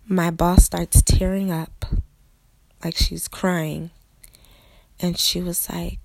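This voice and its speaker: Woman pastor, testimony, earnest, lowish voice, gravelly fry, dry close sound. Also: flat delivery, slow pace, long pauses, a little mellow, no echo. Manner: earnest, addresses listeners as "guys". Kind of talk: personal testimony storytelling.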